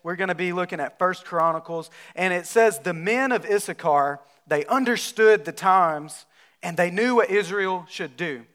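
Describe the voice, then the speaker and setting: A man, a pastor from North Alabama, preaching a sermon in a relaxed, conversational storytelling way. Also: high-pitched, moderate pace.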